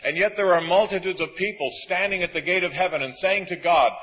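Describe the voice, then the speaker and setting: A man preaching a sermon, emphatic and swinging between loud and hushed. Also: sits high, fast, few pauses, husky, lo-fi sound.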